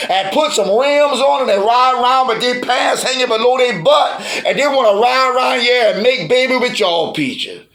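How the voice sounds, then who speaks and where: A man's voice: extremely high pitch, fairly bright tone, echoey room, exaggerated voice. A man playing a blunt, fiery old grandfather, scolding his granddaughter in a preachy, repetitive comedic monologue. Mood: lecturing. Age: older. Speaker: grandfather giving advice.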